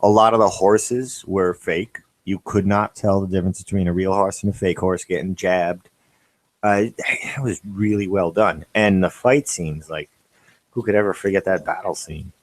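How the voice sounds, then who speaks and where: Low-voiced man in loose banter. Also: fairly even intonation, moderate pace, no echo. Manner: joking, rambling. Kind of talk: casual banter.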